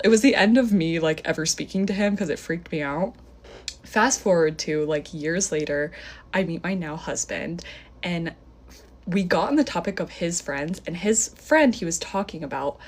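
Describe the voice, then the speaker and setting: Animated young woman telling a story. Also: on the low side. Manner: breathless, full of "like", acts out quotes. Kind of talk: storytime vlog.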